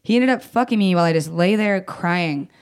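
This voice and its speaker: A young woman telling a personal story in casual conversation, blunt and swearing, acting out quoted lines with jumps in pitch. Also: brisk, clear, resonant tone. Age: young adult. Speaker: guest.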